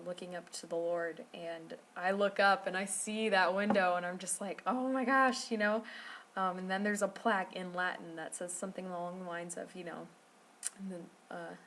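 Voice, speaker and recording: A woman's voice: on the low side, fairly bright tone, slight background noise. A woman telling a rambling travel story to camera, full of fillers and restarts. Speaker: vlogger.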